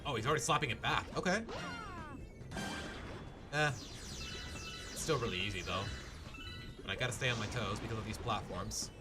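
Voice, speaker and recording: A man's voice: lowish voice, moderate pace, pauses often. A man streaming a game live, joking around and chatting to his viewers as he plays. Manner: animated, jokey, chats to viewers. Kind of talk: live gameplay commentary. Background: game music.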